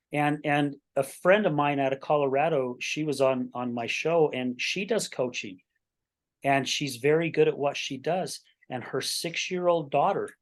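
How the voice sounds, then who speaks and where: A man in his sixties hosting a podcast interview, telling stories earnestly in casual chat, with frequent restarts and checking in with "right?". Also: medium pitch. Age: 60s. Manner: earnest storytelling with many repeated starts and "right?". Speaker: podcast host.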